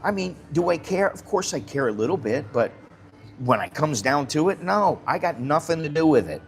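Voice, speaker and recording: A man's voice: on the high side, lively intonation, moderate pace. An American man hosting a casual live stream, talking bluntly in a rambling way and swearing freely. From United States.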